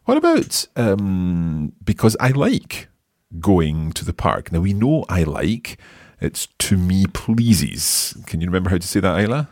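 A man hosting a podcast language lesson, modelling phrases slowly and patiently for a learner. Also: sits low, wildly swooping pitch, darkish tone, dry recording, studio quality. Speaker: language teacher and host.

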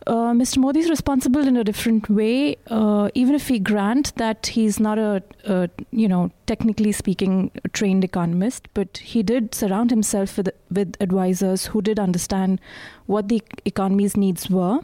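Mellow-voiced Indian woman explaining as a guest. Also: medium pitch, steady tone, no echo. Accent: Indian English. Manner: measured, hesitant with fillers. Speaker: author guest. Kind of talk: podcast interview answers.

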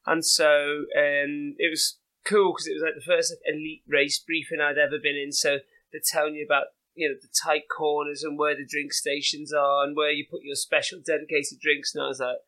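A British man in his forties tells stories as an interview guest, chatty and loose, full of fillers. His voice sits a little high for a man and sounds bright and forceful. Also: little pitch movement, moderate pace, hardly any pauses, rough recording. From Britain. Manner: chatty, rambling with many fillers, laughs at own stories. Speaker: guest runner. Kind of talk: casual anecdotal interview.

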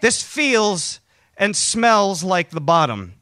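A middle-aged man telling a comic story about himself, swinging between bitter muttering and shouted bravado. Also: high-pitched, animated, normal speed, dry recording. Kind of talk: live comedic storytelling.

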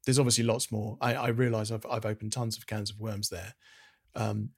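Earnest British man, husky low voice. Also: flat delivery, fairly quick. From Britain. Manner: earnest, reflective, with frequent restarts. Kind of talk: interview answer on theology.

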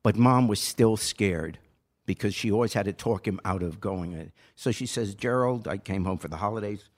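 A man's voice: lowish voice, normal speed. An older man and podcast host telling a personal story in a casual, earnest way that grows impassioned and pleading.

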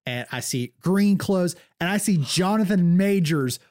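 A man's voice: sits high, expressive, unhurried, a little mellow. A man co-hosting a podcast in casual chat, enthusiastic and retelling scenes breathlessly. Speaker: podcast co-host.

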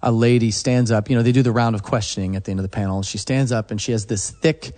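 A man's voice: fairly low pitch, fast talker. A man, a songwriter guest, telling stories in a casual interview and acting out what people said to him. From Oklahoma. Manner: animated storyteller, acts out quotes.

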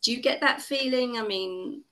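A woman's voice: fairly high pitch, normal speed, sharp tone. A woman hosting a podcast interview, asking questions and reflecting back on her guest's answers in an encouraging way. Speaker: podcast host. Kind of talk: interview conversation.

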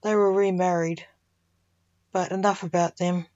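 Slow-reading woman storyteller. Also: fairly low pitch, fairly even intonation, darkish tone, no echo. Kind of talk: reading a fantasy story aloud. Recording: dull lo-fi dry recording.

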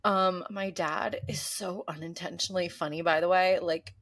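Animated young woman telling stories. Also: on the low side, normal speed. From US East Coast. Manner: animated storyteller, mimics voices and gasps. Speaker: podcast co-host. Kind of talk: casual chat.

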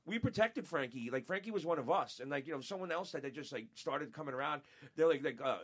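Profane, animated man telling stories. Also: on the high side, fast talker, husky. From upstate New York. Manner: profane, animated, laughing, acts out quotes. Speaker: guest, former radio show staffer. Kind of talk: casual storytelling chat.

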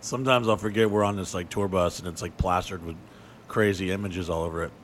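A man's voice: low voice, steady tone, fast talker, a bit bright. Blunt, profane man in casual chat. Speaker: touring show host. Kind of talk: raunchy casual storytelling.

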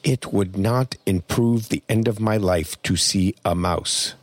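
A man's voice: on the low side, no room sound. A man voicing his frail, bitter older mother near the end of her life, speaking faintly with little strength behind it. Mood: tender. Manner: faint rushing rant, barely above a whisper.

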